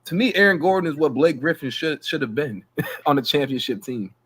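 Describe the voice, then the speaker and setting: A man talking hoops on a podcast with loose slang, jumping up in pitch when he gets hyped. He laughs easily and keeps things casual. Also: a little fast, slightly rough. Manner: animated, heavy slang, laughs often. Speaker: podcast co-host. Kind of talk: casual sports chat.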